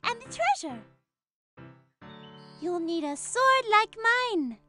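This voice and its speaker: A woman voicing a playful, adventurous little girl in a cartoon, with a bright childlike voice. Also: very high-pitched, very animated, takes it slowly, music in the background, heavily acted. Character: playful little girl who speaks Spanish.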